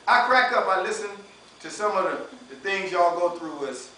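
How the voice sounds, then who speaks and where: A young man preaching an informal sermon to students, chatty and laughing often, dropping into a lower voice to act out what people say. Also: lively intonation, normal speed. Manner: conversational, laughing often, acts out quotes in a lower voice. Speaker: campus minister preaching. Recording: roomy echo, recorded from a distance, faint background noise.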